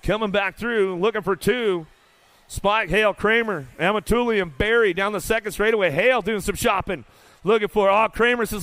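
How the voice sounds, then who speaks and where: A man announcing live BMX races in an indoor arena, rattling off riders' names in rapid play-by-play with casual, folksy banter. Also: high voice, a bit bright, no echo. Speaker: race announcer. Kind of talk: live BMX race commentary.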